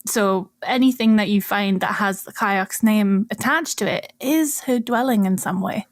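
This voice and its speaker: A woman's voice: medium pitch, normal speed, dry recording, studio quality. A woman co-hosting a podcast, explaining archaeology in casual chat and laughing often.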